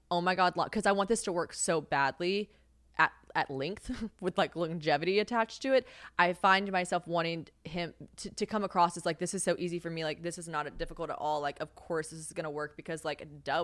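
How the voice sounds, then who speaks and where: A woman's voice: fairly low pitch, brisk, no room sound, studio quality. A young woman hosting her own podcast, talking candidly about her life in casual chat, swearing freely, laughing often and acting out quoted lines. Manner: candid and profane, animated, laughs often, acts out quoted voices. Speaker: podcast host.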